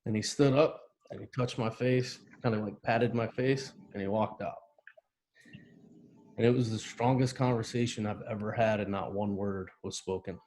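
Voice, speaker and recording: A man's voice: lowish voice, fairly even intonation, moderate pace, darkish tone, slight background noise. Man telling a heartfelt story. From United States. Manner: vivid storyteller, acts out quoted voices and sounds. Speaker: veteran guest. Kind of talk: emotional personal storytelling.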